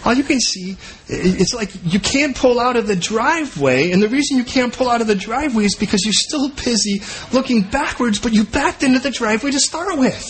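A man preaching a sermon in an animated way, acting out the voices of the people he quotes. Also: extremely high pitch, a little fast, slight background noise. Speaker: pastor.

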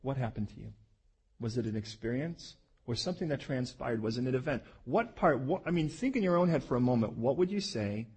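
A man's voice: mid-range voice, lively intonation, fairly quick, a little mellow, breathy edge. A middle-aged man, a pastor, preaching a sermon in a conversational, emphatic way.

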